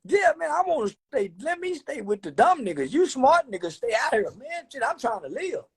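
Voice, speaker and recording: A man hosting a livestream, talking loud and profane, swinging between preaching and joking. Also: very high-pitched, big pitch swings, normal speed, husky. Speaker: livestream host. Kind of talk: casual livestream rant.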